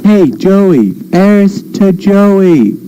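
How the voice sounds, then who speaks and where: A man voicing Yugi, a cheery teenage boy duelist, in a goofy, high, bouncy parody voice. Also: big pitch swings, very slow, mellow, clear, resonant tone, no room sound, heavily acted, low-quality recording. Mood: chipper.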